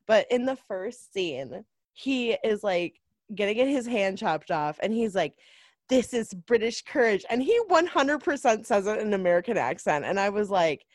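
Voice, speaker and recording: Lively, giggly woman in casual chat. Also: mid-range voice, no echo, studio quality. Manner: giggly, animated, eager to agree. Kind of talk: casual movie review chat.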